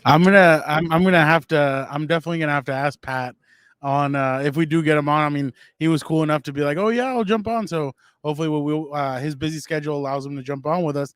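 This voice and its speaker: A man with a slightly high voice talks fast and eagerly, stumbling over the starts of his sentences. He is chatting with his co-hosts on a sports podcast, recorded close and dry. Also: steady tone, a bit bright, clean tone, dry recording. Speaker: podcast co-host. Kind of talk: casual chat.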